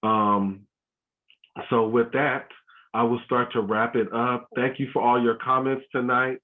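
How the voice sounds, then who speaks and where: A man hosts a school's virtual family workshop in a relaxed, halting way, with many ums and false starts. Heard through phone-like video call audio, his medium-pitched voice is flat and unhurried.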